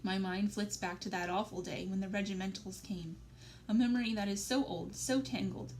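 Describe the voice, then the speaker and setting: A woman's voice: medium pitch, fairly even intonation, normal speed, darkish tone, low-quality recording. Woman reading a novel aloud. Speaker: library story reader.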